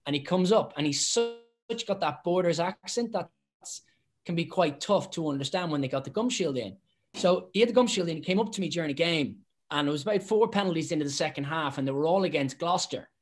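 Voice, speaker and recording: A man in his forties, a former rugby referee, chatting on a panel and acting out stories with lively quoted voices. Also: on the high side, fairly quick. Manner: animated storyteller, acts out quotes, laughs often. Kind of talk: casual panel chat.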